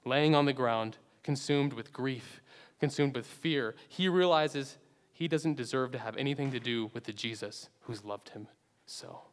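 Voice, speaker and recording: A man preaching a sermon earnestly, swinging between loud emphatic phrases and hushed low endings. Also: unhurried. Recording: long hall reverb.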